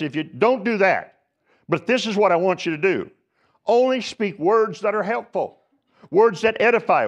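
A male pastor delivers a sermon in a voice a little higher than most men's. He tells homespun stories and then presses his point with rising insistence. The church recording sounds somewhat dull and lo-fi. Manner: folksy storytelling preaching, building to emphatic exhortation. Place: church sanctuary.

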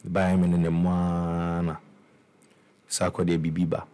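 Ghanaian man, very low voice, flat delivery, casual interview storytelling, code-switching. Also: measured pace. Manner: mixes English and Twi, frequent restarts and repeated words. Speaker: musician guest.

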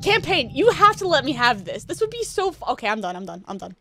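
A woman streamer giving casual, excitable commentary as she plays a shooter, laughing often and talking to the game. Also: sits high, fast, noisy background. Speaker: gaming streamer. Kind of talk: casual let's-play commentary. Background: game music and gunfire.

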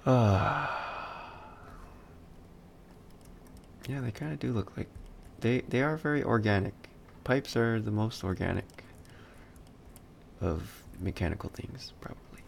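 Unhurried, gravel-voiced male instructor talking through his live modeling session, faint hiss in the recording. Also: medium pitch. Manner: muttering, self-talk, dry asides while working. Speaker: 3D modeling instructor streaming a class. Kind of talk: casual live-stream tutorial commentary.

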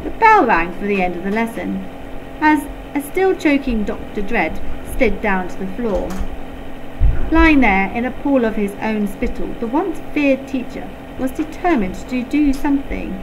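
A woman slowly reading a children's story aloud, with playful sound effects. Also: fairly high pitch, lively intonation, noisy background.

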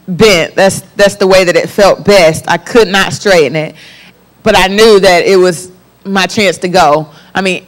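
A young woman from the Florida Panhandle sharing a personal testimony as a talk show guest, animated and laughing often. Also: fairly low pitch.

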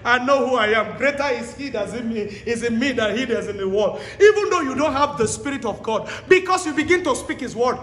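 A man preaching a sermon to a live congregation, pleading and exhorting with shouted, repeated commands and quizzing the listeners directly. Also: very high voice, animated, a little fast, hardly any pauses. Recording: echoey hall with long reverb.

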